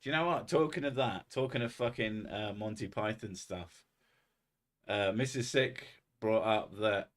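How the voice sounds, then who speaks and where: A man with a lowish voice hosts a casual live-stream chat at a measured pace, rambling loosely from one thought to another. He swears freely and mocks himself as he goes.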